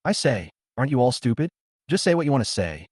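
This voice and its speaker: A man's voice: medium pitch, big pitch swings, quick pace, a little mellow, husky, no room sound, clean studio sound. A man voicing an indignant young male student who is easily riled and complains in a huffy way.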